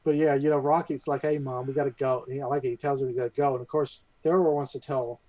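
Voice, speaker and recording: A man's voice: medium pitch, fairly even intonation, fast, dark tone, no room sound, highs cut off. A young man co-hosting a casual podcast chat, thinking aloud and restarting often as he explains the plot. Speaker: podcast co-host.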